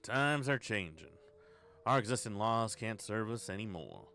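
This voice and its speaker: Guy faking a southern drawl for a solemn note in a game, low voice, drawn out and grand. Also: animated, measured pace, sharp tone, exaggerated voice. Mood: grandiose. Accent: put-on Southern US.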